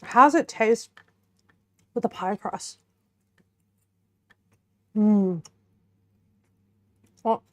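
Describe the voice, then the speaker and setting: Drawing out her words and pausing often, a young woman with a slightly bright, mid-range voice cooks a pie on stream. She tastes it while chatting and giggling with her viewers.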